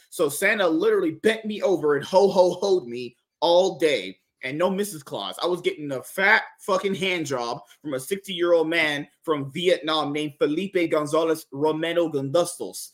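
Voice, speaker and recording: A man hosting a podcast, talking in a loud, crude, joking way. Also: on the high side, moderate pace, few pauses. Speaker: podcast host. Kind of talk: crude casual podcast chat.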